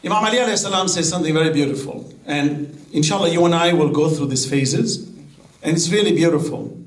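A man's voice: fairly high pitch, fast talker, crowd noise. A man preaching a sermon, mixing Arabic quotations into his English. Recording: echoey hall.

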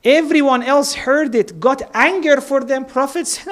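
A woman's voice: sits high, unhurried. A woman giving an earnest, story-driven religious talk, building each account step by step and dropping in Persian and Arabic words. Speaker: religious speaker.

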